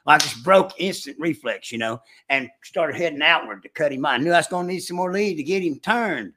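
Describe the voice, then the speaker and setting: An older man telling a hunting story in casual chat, with a folksy rural way of talking, animated when he acts out the shouting. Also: a little high, brisk. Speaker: storyteller recounting hunting trips.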